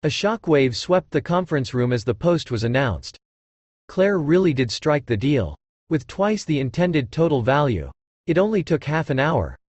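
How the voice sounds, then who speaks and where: Man narrating an audiobook, lively pitch. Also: moderate pace, dry recording. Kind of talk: scripted narration.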